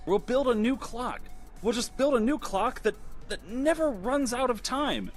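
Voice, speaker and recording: A man's voice: very high voice, expressive, a little slow, soft background music, pitched above the performer's own voice. A man voicing a young prince who is stubborn and baffled about why his partner is unhappy. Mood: pleading. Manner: baffled, insistent.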